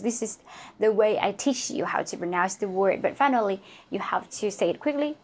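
A woman teaching English pronunciation, drilling each word several times and often checking in with a quick "huh?". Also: mid-range voice, darkish tone. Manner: laughs at herself now and then.

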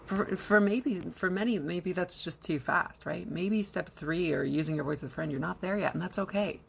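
A woman's voice: lowish voice, moderate pace, gravelly, slightly rough. A woman voice coach giving instructional advice in an encouraging, conversational way, often posing questions to the listener. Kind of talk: instructional talk to camera.

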